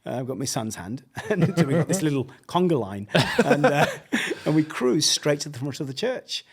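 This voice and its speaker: A middle-aged English man telling a story casually, animated, laughing often and acting out the voices he quotes. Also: on the high side, moderate pace, breathy edge. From England. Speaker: podcast guest, pastor.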